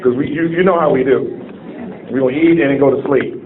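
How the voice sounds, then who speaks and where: A man's voice: mid-range voice, a little fast, slight background noise. A man in his late forties from Cleveland, Ohio, giving a humorous sermon-style talk as a guest speaker and calling on the audience to answer. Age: late 40s. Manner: jokey, calls on the audience to answer. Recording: tinny phone-like sound.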